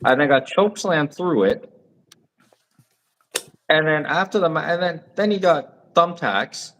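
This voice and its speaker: A man's voice: a little high, lively intonation, unhurried, a bit bright, a little hiss or hum. A young man co-hosting a podcast in casual chat, talking eagerly with lots of fillers. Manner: enthusiastic, rambling with fillers. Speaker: podcast co-host.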